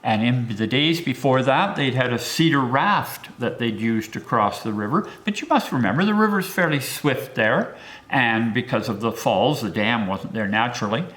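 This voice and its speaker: An older man, a local historian, telling pioneer history as a lively storyteller who swoops his pitch for emphasis. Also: normal speed.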